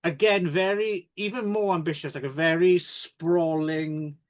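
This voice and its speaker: A man's voice: fairly high pitch, fairly even intonation, a little slow. A man co-hosting a casual film podcast, rambling and hesitant, with lots of fillers. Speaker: podcast co-host.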